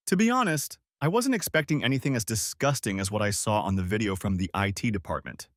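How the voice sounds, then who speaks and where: A man narrating a first-person story in an expressive storytelling manner. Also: fairly low pitch, fast talker, hardly any pauses, no room sound, clean studio sound.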